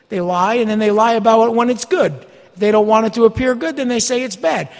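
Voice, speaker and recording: High, lively preacher in a reverberant hall. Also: male voice. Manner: folksy, emphatic preaching with mocking asides. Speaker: pastor. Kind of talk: expository sermon. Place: church sanctuary.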